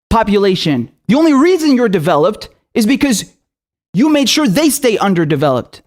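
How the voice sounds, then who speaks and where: A young man in full fury, ranting on his own political show. He swears constantly and throws accusing questions at his targets, his voice pitched high for a man and tight with anger. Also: very animated, normal speed. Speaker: political commentator. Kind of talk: angry political rant.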